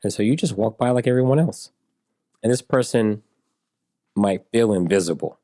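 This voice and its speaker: A man in his forties, an interview guest, telling stories in a relaxed way and acting out the people in them. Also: on the low side, normal speed, dry recording, studio quality. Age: 40s. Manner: animated storyteller who acts out dialogue in raised voices. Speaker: interview guest, software engineer.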